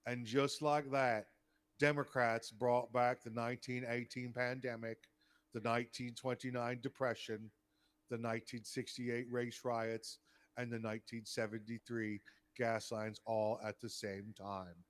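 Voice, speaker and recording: A man doing a slow, drawling Southern voice to read a meme aloud on a podcast. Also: mid-range voice, level tone, close to an everyday voice.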